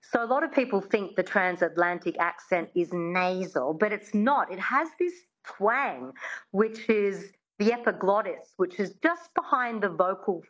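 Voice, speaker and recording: A woman's voice: medium pitch, normal speed, few pauses. A woman, a dialect coach who patiently demonstrates sounds and has the listener repeat them in an interview. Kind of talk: interview guest teaching an accent. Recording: dull, muffled sound.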